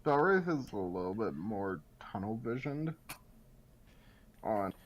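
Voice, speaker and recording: A man's voice: on the low side, sing-song, takes it slowly. A man playing a tabletop game, talking loosely and casually and swearing freely. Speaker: player.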